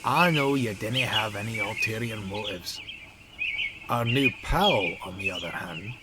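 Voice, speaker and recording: A man's voice: fairly low pitch, expressive, measured pace. A man voicing a shrewd, loyal male diesel engine with a Scottish brogue, in a noisy recording. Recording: loud background noise.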